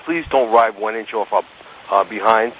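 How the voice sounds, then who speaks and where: A man's voice: on the low side, normal speed, fairly bright tone, slight background noise, rough recording. A man calling into a radio show, earnestly pleading with drivers to be careful. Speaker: caller. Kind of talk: call-in radio conversation.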